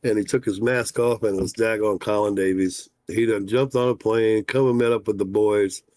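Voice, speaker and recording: A man with a low voice, talking loosely on a livestream. He rambles in a folksy way, full of "uh" and "you know". The sound is dry and close, with no room echo. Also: fairly even intonation, moderate pace, darkish tone. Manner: folksy and rambling, with many "uh" fillers. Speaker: fishing guide and talk show host. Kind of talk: casual livestream chat.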